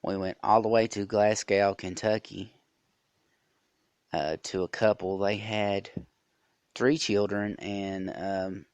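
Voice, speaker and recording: Low-voiced man hosting a podcast. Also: fairly even intonation, slow pace, long pauses, a little mellow, smooth, no room sound. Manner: rambling, with many fillers and restarts. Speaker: podcast host. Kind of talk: casual storytelling monologue.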